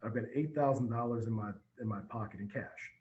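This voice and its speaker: Male dealership manager, podcast guest, animated storyteller; dull remote-call audio. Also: medium pitch, brisk, roomy sound. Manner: storytelling, energetic, with frequent restarts. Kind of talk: casual podcast conversation.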